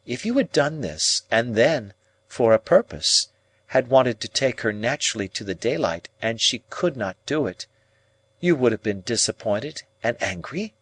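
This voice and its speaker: A man reading an audiobook voices a cold, proud young woman with a measured, coolly reasoning delivery. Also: medium pitch, lively intonation, husky, no room sound. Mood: musing.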